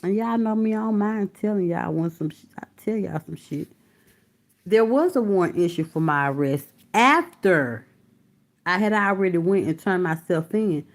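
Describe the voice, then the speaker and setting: A woman's voice: on the low side, animated, moderate pace. A woman hosting a casual live stream from her phone or computer, greeting viewers by name and talking bluntly with lots of cursing. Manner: blunt and profane, calling viewers honey and baby. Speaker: livestream host reading viewer comments. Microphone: phone or computer mic.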